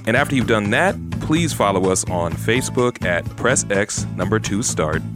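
A low-voiced man reads a jokey podcast promo, listing places to follow the show. Clear guitar music plays behind his voice. He sounds relaxed and teasing. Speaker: podcast host reading the outro. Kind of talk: playful promo read.

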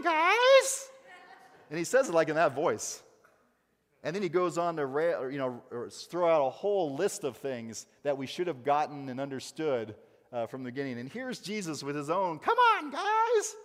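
Emphatic male pastor in a reverberant church. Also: a little high. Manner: emphatic, swings between loud stresses and quiet asides. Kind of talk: sermon.

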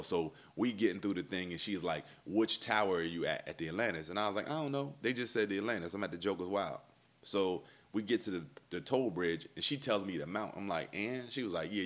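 Deep voiced guy doing a standup story, acts out everybody's lines. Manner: animated, acts out dialogue in voices. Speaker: stand-up comedian. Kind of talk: storytelling comedy set.

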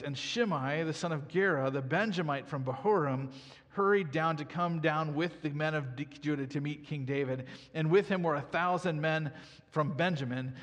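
A man's voice: on the high side, big-room sound. A man preaching a sermon in a conversational manner, reading scripture and correcting himself as he goes. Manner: conversational, with self-corrections and asides. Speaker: pastor.

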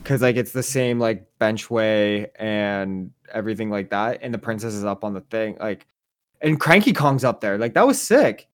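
A man co-hosting a podcast, chatting casually in an excitable, hyped-up way. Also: on the low side, normal speed, clear, resonant tone. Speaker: podcast co-host. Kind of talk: casual chat.

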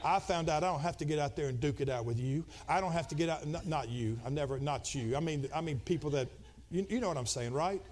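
A middle-aged man preaches a Pentecostal sermon in a notably high voice. He talks to the congregation in a relaxed, confiding way, then builds into loud, shouted, rhythmic preaching. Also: fast talker. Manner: swings from quiet and conversational to loud, shouted preaching. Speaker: pastor.

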